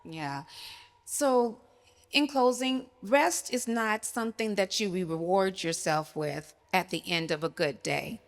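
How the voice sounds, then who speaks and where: A woman's voice: mid-range voice, unhurried. A woman co-hosting a podcast for child care providers, speaking emphatically with a light joking touch. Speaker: podcast co-host. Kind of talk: casual podcast conversation.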